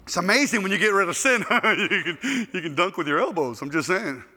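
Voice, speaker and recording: High, bright-voiced preacher in a hall. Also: male voice, a little fast, husky. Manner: animated, jokey, acts out the people in his stories. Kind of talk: storytelling sermon. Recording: echoey hall reverb.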